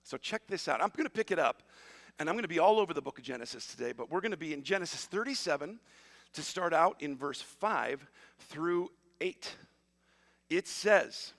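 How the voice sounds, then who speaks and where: A man preaching a sermon as pastor, retelling a story in a lively, conversational way with asides to the congregation. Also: on the high side, normal speed, big-room sound. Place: church auditorium.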